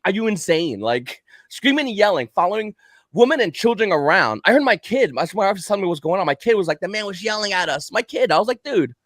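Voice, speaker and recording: Animated man with a dry close voice. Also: high voice, quick pace, no room sound. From Kentucky. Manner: animated storytelling, acts out quotes. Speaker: livestream guest. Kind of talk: casual chat.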